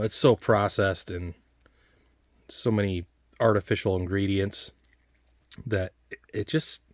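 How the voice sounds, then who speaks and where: On the low side and recorded in clean studio sound with no echo, this food reviewer chats casually through tasting old food. His delivery rambles and halts, riddled with restarts and fillers.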